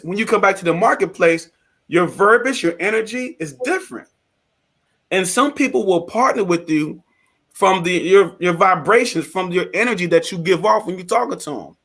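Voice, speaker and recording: Male panelist, a touch high, stumbling starts, energetic motivational talk. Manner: halting, repeats words, animated. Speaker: co-host. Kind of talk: business panel discussion.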